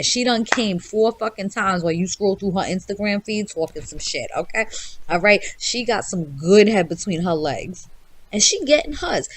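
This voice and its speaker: A woman with a New York accent co-hosting a podcast, giving blunt, profane advice in a brash, loud way. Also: mid-range voice. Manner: brash, loud, swears constantly. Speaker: podcast co-host.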